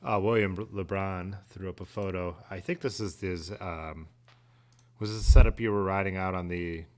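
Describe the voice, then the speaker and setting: Man, low voice, casual livestream host, laid-back, rambling, laughs easily. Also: fairly even intonation, moderate pace. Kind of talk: casual live-stream chat reading viewer comments.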